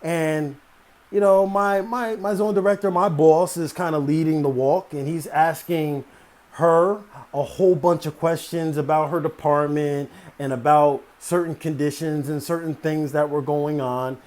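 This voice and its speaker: A man's voice: a little high, steady tone, measured pace, darkish tone. A man telling a story about his time as a store manager, in a conversational, emphatic way with many fillers and repeated phrases. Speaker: motivational speaker. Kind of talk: storytelling talk.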